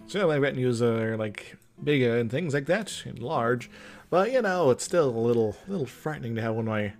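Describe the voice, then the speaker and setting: A man's voice: medium pitch, a little mellow. A young man giving casual let's-play commentary, rambling, mumbling and chuckling to himself as he plays. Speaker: gameplay commentator. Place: indoor room with loud trucks outside.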